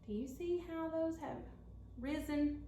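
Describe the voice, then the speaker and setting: Chatty Southern woman, high voice. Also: measured pace, dark tone, roomy sound, a little hiss or hum. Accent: Southern American. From Tennessee. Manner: chatty and folksy, talks straight to viewers. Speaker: home cook. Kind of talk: casual cooking vlog. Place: home kitchen.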